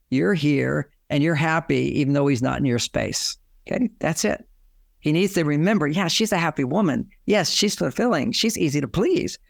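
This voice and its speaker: Gravelly older man giving advice. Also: on the high side, no echo, clean studio sound. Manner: explanatory, acts out quoted lines. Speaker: relationship author. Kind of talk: advice interview.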